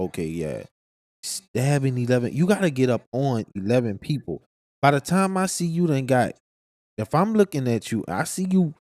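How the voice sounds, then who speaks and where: A man with a New Orleans accent hosting a livestream, reacting to news in an incredulous, slangy, animated way. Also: medium pitch, dry recording. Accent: Southern US, New Orleans. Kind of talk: casual livestream commentary.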